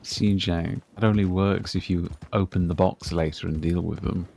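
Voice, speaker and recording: Casting: low, gravelly, calm man, gentle counselor type, faint noise behind. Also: moderate pace. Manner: gentle, soothing, caring. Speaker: roleplay medic and counselor-in-training. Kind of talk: calm in-character conversation.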